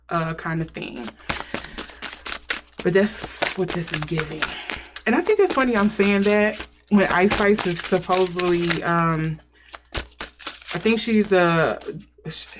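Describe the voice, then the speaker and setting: A woman at a middle pitch talks through a tarot spread in a relaxed, chatty way. She muses and thinks aloud, wondering and speculating as she goes. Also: a little hiss or hum. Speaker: tarot reader. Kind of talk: casual intuitive tarot reading.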